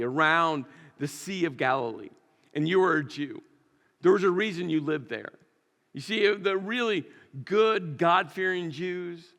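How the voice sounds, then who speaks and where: In a large church sanctuary, a pastor with a high, fairly bright voice preaches a sermon. His style is conversational and story-driven, punctuated by emphatic repetition.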